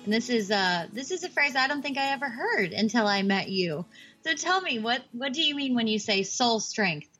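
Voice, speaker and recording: A woman hosting a faith podcast, opening the show and asking her co-host questions with small hesitations. Her voice sits somewhat high. Music plays clearly behind her. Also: animated, moderate pace, bright, forceful tone. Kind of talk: scripted show intro and interview questions.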